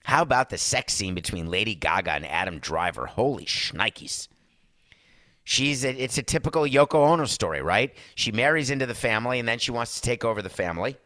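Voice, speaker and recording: A man with a bright, forceful voice hosts a podcast in loose, casual chat. He rambles sarcastically and calls his listeners folks. His voice sits dry and close on a studio mic. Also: mid-range voice, expressive, brisk, no echo. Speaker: podcast host. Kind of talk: casual chat and movie review.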